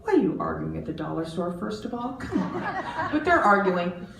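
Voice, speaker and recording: A woman in her forties doing a stand-up comedy set, animated and lively, jumping into loud, high voices for the people in her stories. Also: a little fast, creaky, some chatter behind. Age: 40s. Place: art center stage. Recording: roomy, distant, faint background noise.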